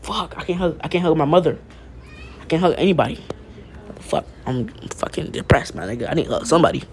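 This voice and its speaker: A man's voice: fairly high pitch, lively intonation, quick pace, a little hiss or hum, natural voice. A young man voicing a bitter young man with a deadly touch, complaining with frequent profanity. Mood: frustrated. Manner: profane, frustrated.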